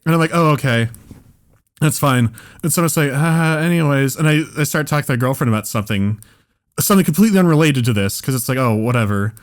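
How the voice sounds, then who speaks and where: A man casually telling a long comedic story on a podcast, rambling with restarts and getting more excited as it goes. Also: medium pitch, very fast. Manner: rambling, restarts often, builds to excited animated retelling. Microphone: podcast microphone.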